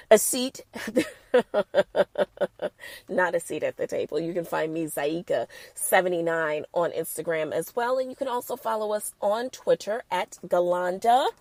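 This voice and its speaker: A woman's voice: lowish voice, dry recording. Sassy woman host with a cold. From the Bronx. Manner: sassy, animated, playful asides. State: has a cold. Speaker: podcast host. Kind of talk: casual chat.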